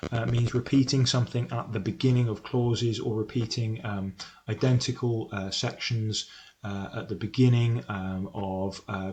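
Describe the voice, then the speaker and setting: Guy going through a poem line by line, lots of ums, mid pitch voice. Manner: explanatory, frequent ums and uhs, self-correcting. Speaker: English literature teacher. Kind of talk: recorded lesson on poetry analysis.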